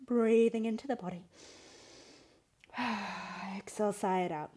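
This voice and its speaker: Leading a yoga session, this woman cues poses, breathing and counts in an encouraging manner, counting reps out loud. Her voice is medium in pitch with a dark tone, she talks fast, and at times she's short of breath.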